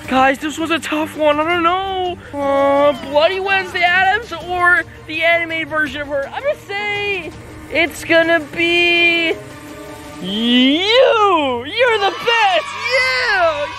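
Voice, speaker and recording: A reaction video host giving excited commentary, shouting and gasping often. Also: very high voice, measured pace. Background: background music.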